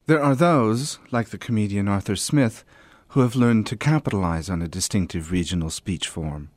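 A man's voice: on the low side, normal speed, a little mellow, dry recording. Formal male presenter, dry sound. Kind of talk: scripted narration and interviewing.

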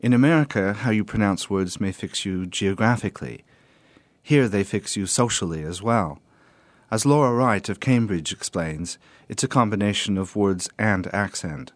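A man's voice: fairly low pitch, normal speed, no room sound. A man presenting in formal scripted narration, also asking interview questions.

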